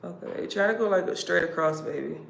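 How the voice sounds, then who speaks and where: A woman's voice: on the low side, a little fast, vocal fry, a bit bright. Woman, livestream host, casual chat, playful, roomy echo. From United States. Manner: chatty, laughing, playful. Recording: roomy echo, background noise.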